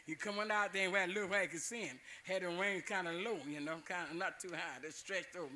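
A man's voice: high voice, steady tone, fast talker, pushed and bright, slight background noise. An older man telling a folk tale in a loose, repetitive way, chuckling as he goes. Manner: chuckling, dialect-rich, repetitive. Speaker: storyteller.

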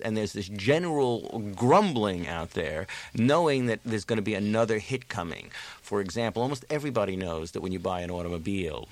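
A man speaking as a political analyst on a radio talk show, telling stories in an animated way. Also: on the low side, a little fast, dry recording. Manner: animated, storytelling with quoted voices.

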